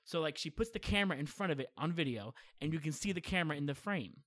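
A young man telling funny family stories in casual chat, animated and often acting out what people said. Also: a little high, fast. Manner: animated, acts out quoted voices, laughs often.

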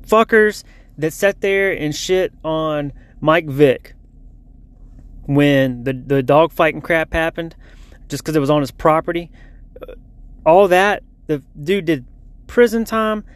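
A man's voice: a little high, slow pace, long pauses, dry recording. A man giving a casual lunch-break sports update in a blunt, heated, profane rant.

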